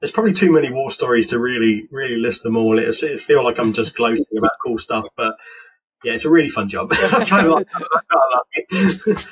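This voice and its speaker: A man, a penetration tester telling work stories in a casual interview, animated and acting out the dialogue. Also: medium pitch, fairly quick, husky, low-quality recording. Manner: animated, acts out dialogue in quotes, laughs.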